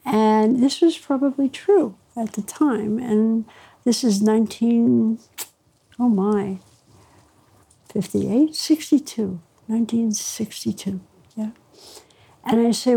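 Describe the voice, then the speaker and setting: Older lady doctor, gravelly and a bit husky, wry storytelling w lots of ums. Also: fairly high pitch, steady tone, unhurried, mellow. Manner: reflective, wry, laughs between phrases, many fillers. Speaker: interview guest, pediatrician. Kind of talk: storytelling in conversation.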